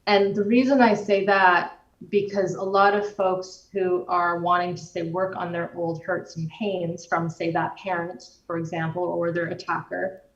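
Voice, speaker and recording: A woman guest explaining the nervous system in a measured way, using everyday examples. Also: lowish voice, little pitch movement. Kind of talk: explanatory conversation. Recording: roomy, distant, dull-sounding recording.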